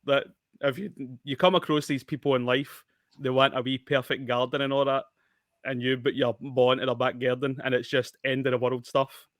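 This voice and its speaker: A man's voice: mid-range voice, flat delivery, normal speed, no echo, studio quality. A man with a Scottish accent, enthusiastic and laughing often as he chats about a film on a podcast. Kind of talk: casual film chat.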